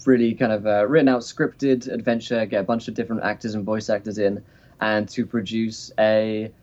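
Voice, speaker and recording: A man's voice: lowish voice, level tone, moderate pace, darkish tone. A man who is a guest on a podcast, explaining things hesitantly with many fillers. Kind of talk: interview talk. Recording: dull lo-fi mic.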